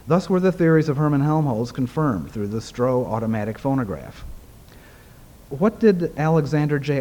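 A man reads a prepared talk aloud to a gathering. His delivery is measured and formal, and his pitch sits in a middle range. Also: darkish tone. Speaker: presenter. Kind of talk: reading a prepared paper aloud.

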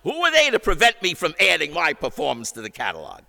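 Wry storyteller with a bright voice. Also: male voice, a little high, fast talker, gravelly, big-room sound. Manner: wry, expressive, acts out dialogue. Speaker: storyteller recalling his record-industry career. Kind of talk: anecdotal storytelling.

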